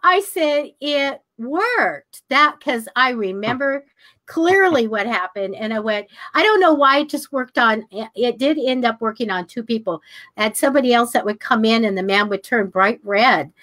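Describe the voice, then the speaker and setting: An older woman co-hosting a psychic talk show, telling stories in a casual, animated way, acting out the voices of people in them and laughing often. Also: on the high side, normal speed. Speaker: psychic radio show co-host. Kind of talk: casual storytelling chat.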